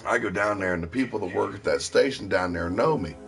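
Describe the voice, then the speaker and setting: A man's voice: fairly low pitch, quick pace, creaky, music in the background. A man from Ohio telling rambling personal stories in a casual, profane way. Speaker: stream host. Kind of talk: casual storytelling.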